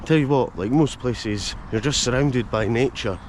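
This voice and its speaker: A man's voice: medium pitch, normal speed, slight background noise. A Scottish man hosting a casual walking vlog through village streets, chatting to viewers with jokey asides. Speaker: vlogger and host. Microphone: handheld camera mic.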